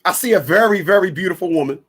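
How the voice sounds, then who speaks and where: A man's voice: high-pitched, lively intonation, quick pace, fairly bright tone. A man from Newark, hosting a radio talk show in a blunt, rambling, preachy monologue full of slang. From Newark, New Jersey.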